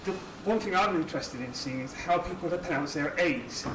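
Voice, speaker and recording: A man's voice: fairly high pitch, expressive, normal speed. A man from South West England speaking on a panel, hesitant and thoughtful with restarts. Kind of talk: casual panel chat. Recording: roomy hall from far off with noise.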